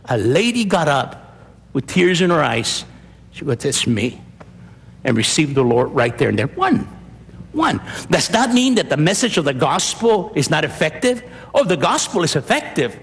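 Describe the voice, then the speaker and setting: Animated preaching man in a reverberant hall. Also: sits high. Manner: emphatic, repetitive, animated preaching. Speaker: pastor. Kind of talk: sermon.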